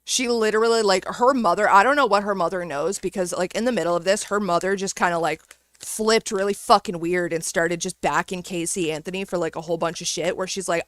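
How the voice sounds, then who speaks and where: A woman's voice: on the low side, fairly quick, fairly bright tone, no echo. A woman delivering an angry, sarcastic, profane reaction rant over clips she plays.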